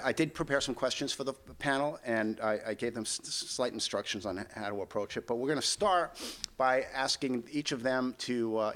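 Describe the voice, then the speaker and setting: A man's voice: medium pitch, fairly bright tone. A man with a New York accent moderating a conference panel, chatty and repeating himself as he talks. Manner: chatty, repeats words often.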